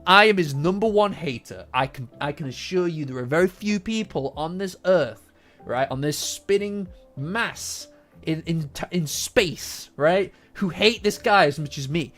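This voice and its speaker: High-voiced man ranting about manga. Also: a little slow. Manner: animated, profane, repeats himself. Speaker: manga reaction host. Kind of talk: casual reaction commentary. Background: faint lofi background music.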